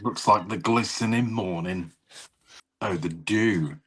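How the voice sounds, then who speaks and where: With a lowish, slightly bright voice carrying a breathy edge, this man speaks slowly. He's a podcast co-host trading playful, teasing banter with his friend, complete with sing-song greetings, in casual conversation.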